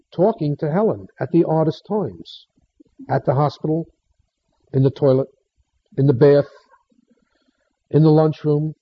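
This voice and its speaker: A man telling a story to an audience in short, unhurried phrases, pausing for emphasis. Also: a little high, breathy edge. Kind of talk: storytelling talk. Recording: dull lo-fi recording.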